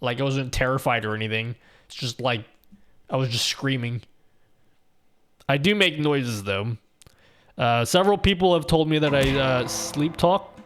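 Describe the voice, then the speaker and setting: Speaking at a moderate pace with long pauses, this young man's mid-range voice is clear, resonant, and a bit bright. He's live streaming, casually reading viewers' messages aloud in a rambling, profane, easygoing way full of restarts and laughs.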